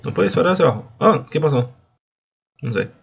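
A man's voice: on the high side, animated, fast talker, gravelly, dull audio, faint music behind. A man whose first language is Spanish, giving casual, mumbled commentary while playing a video game and reading its text aloud. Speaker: let's play gamer.

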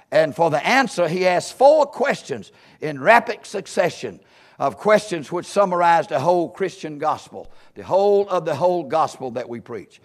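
A man preaching, his voice sitting high for a man. He drives his points through rhetorical questions, swelling loud on key words and dropping low between them. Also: sing-song, moderate pace. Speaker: pastor. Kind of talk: sermon.

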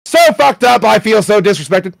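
Guy reading forum posts for laughs, kinda high voice, bouncy, dry sound. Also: lively intonation, normal speed, vocal fry, no echo. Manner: wry, laughs at what he reads. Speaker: host reading internet posts.

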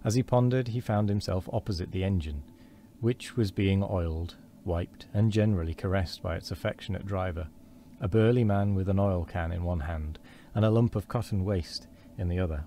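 A man reading a storybook aloud on a stream, measured and steady with small slips and restarts. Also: low voice, a little hiss or hum.

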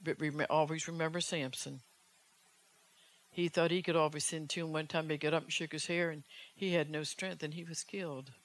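A woman's voice: deep voice, fairly even intonation, moderate pace. A woman evangelist preaching a fervent sermon, urgent in tone and pressing the listeners with rhetorical questions.

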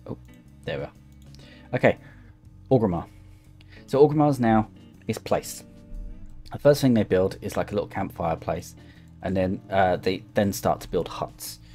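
A young man talks through a game in a chatty, rambling way, thinking aloud as he goes. His voice is low-pitched and mellow. Faint music plays behind him. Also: normal speed, pauses often. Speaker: gaming YouTuber. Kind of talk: casual gameplay commentary.

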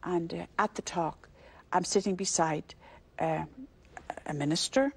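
Measured and lowish, with vocal fry and a breathy edge, this older woman from Ireland talks in an Irish accent. As a religious sister in a conversational interview, she tells how she found her calling, voicing the characters and laughing readily.

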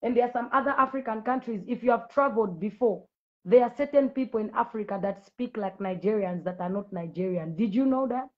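A woman's voice: on the high side, fairly quick, muffled recording. Confrontational Zambian woman preacher. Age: adult with school-age children. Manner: confrontational, preachy, repetitive challenges. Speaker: Christian preacher on a live video. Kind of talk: livestream address to viewers.

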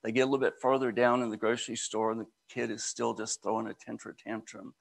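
Man, mid-pitched and gravelly, relaxed inspirational speaker. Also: fast talker. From United States. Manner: conversational, storytelling asides. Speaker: spiritual speaker. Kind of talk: inspirational talk.

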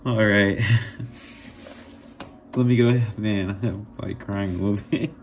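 Gravelly, slow-talking man marvelling at his work. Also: fairly low pitch, a little hiss or hum. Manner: excited, marvelling, laughs often. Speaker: jewelry maker. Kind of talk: casual workshop vlog.

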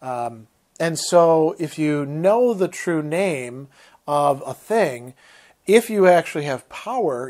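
A man's voice: a little high, darkish tone. A man giving a literature lecture, thinking aloud with hesitant restarts and reading passages aloud.

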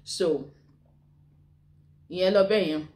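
A woman's voice: on the low side, drawn-out words, darkish tone. A woman with a Nigerian accent chatting to camera as a vlogger, full of rhetorical questions. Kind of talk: casual chat to camera.

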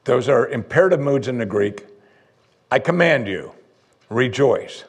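Husky guy pastor preaching in church, chatty, does the doubters in a higher voice. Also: lively intonation, measured pace. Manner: conversational preaching, acts out listeners' objections in a higher voice. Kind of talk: sermon. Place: church sanctuary.

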